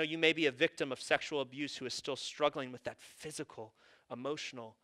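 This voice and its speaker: A man's voice: medium pitch, fairly bright tone. A male pastor preaching a sermon in an earnest, conversational way, with casual asides.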